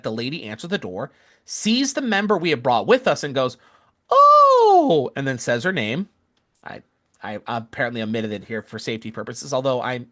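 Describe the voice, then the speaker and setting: A man telling a missionary story with an earnest, casual manner, often correcting himself mid-sentence. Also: medium pitch. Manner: earnest, self-correcting, acts out quoted voices.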